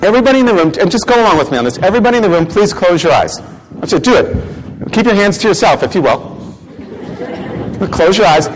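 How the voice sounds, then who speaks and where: Animated New man in a hall. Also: high voice, quick pace. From the Bronx, New York. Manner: animated, acts out reactions and quotes. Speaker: customer service speaker. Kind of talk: live seminar talk to an audience. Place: conference room with audience. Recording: echoey hall, faint room noise.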